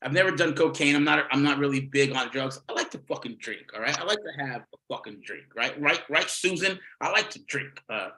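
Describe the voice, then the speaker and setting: A man's voice: medium pitch, lively intonation, fairly quick, hardly any pauses, bright, forceful tone, low-quality recording. A man doing a stand-up set over a video call, rambling, swearing often and laughing at his own jokes. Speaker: stand-up comedian.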